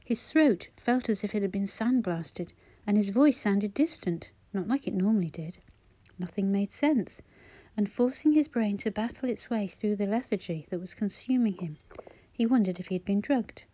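A woman reading a novel aloud as an audiobook narrator, in a measured, gentle storytelling manner. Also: mid-range voice, expressive. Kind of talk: scripted narration.

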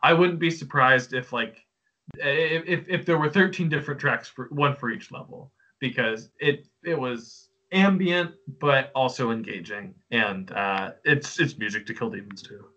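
Brief: male co-host, bright sharp tone, lo-fi dull recording, eager casual chat. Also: mid-range voice, a little slow. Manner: enthusiastic, stumbling restarts. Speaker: podcast co-host. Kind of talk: casual game review chat.

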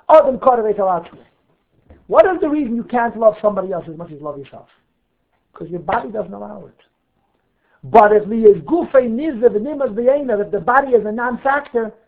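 A man's voice: sits high, gravelly. Man teaching a Torah class, phone-line sound. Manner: explains Hebrew text line by line, asks and answers questions. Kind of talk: Torah class on Chassidic text. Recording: phone-like narrow audio.

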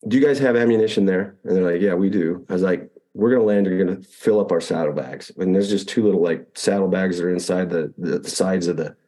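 Low, mellow-voiced man recounting a mission. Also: fast talker, hardly any pauses. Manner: animated retelling, acts out radio calls, frequent restarts. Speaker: Apache pilot telling a war story. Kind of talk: conversational storytelling interview.

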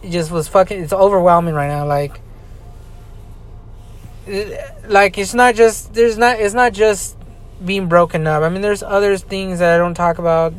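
A man on a podcast, venting in an angry personal monologue, swearing constantly and repeating himself between halting fillers. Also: high-pitched. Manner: profane, ranting, repetitive.

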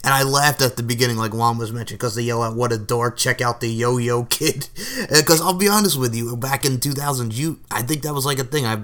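Male podcast guest, easygoing and candid, bright and forceful tone. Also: mid-range voice, fast talker. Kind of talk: casual chat.

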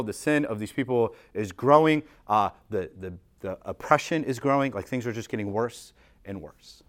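A man preaching a sermon at church in a conversational, animated way, reading scripture and explaining it with everyday examples. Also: on the high side. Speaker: pastor.

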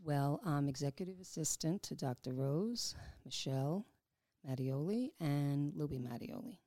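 Low-voiced New woman reminiscing. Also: animated, measured pace, warm tone, no room sound. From New York. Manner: chatty, many fillers like "you know", laughs often. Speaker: executive assistant at a racetrack, interviewee. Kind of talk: casual interview, reminiscing.

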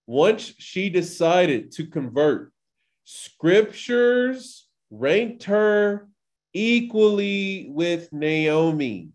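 A man's voice: high voice, expressive, extremely slow. A man teaching a scripture passage in a loose, chatty way, full of filler words and acted-out quotes. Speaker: Torah teacher. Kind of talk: casual scripture study talk.

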